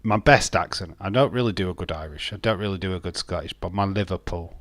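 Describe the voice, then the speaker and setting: A man's voice: deep voice, quick pace, hardly any pauses, a bit bright, no room sound. A man chatting casually on a live watch-along stream, rambling and joking as he reads out chat messages.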